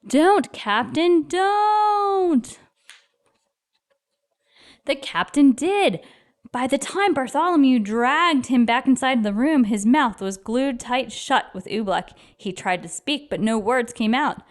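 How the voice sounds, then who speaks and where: A woman narrating a children's book aloud, expressive and lively. Her voice sits a little high for a woman, with a storyteller's animated pacing. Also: moderate pace, hardly any pauses.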